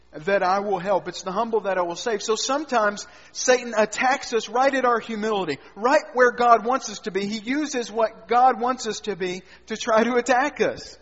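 A man preaching a sermon, swinging between loud emphatic lines and quiet low asides. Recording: dull sound with long hall reverb.

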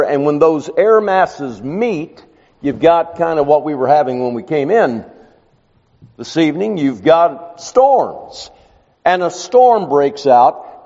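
A man preaching a sermon, telling the story in an animated, emphatic way. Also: sits high, long reverb tail, dull audio.

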